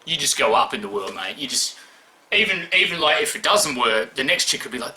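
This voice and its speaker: Aussie bloke ranting on his vlog, swears every other word, really bright sharp voice. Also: mid-range voice, big pitch swings, a little fast, a little hiss or hum. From Australia. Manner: swears constantly, rambling and blunt. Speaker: YouTuber answering award questions. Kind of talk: casual vlog monologue.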